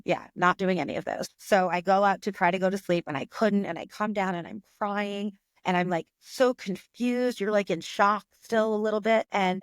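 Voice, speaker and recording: A woman's voice: mid-range voice, clean tone, no echo, studio quality. A woman hosting a podcast, speaking casually and emotionally as she tells a personal story, with frequent "like" fillers. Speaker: podcast host. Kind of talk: casual conversation.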